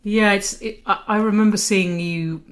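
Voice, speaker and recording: A woman's voice: mid-range voice, steady tone, moderate pace. A middle-aged woman interviewing in casual conversation, chatty with self-deprecating humour.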